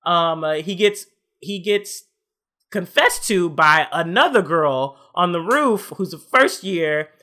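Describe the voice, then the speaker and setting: A man's voice: high-pitched, slow. A man in casual chat, retelling an anime plot with lots of slang and acting out the characters' lines. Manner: animated storytelling, acts out characters' lines, profane slang. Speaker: podcast co-host recapping an anime.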